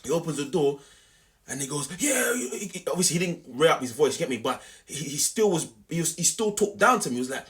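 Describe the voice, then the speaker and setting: A young man telling a story to camera in an animated, slangy, repetitive way. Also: fairly high pitch, a little fast. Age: young adult. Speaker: vlogger.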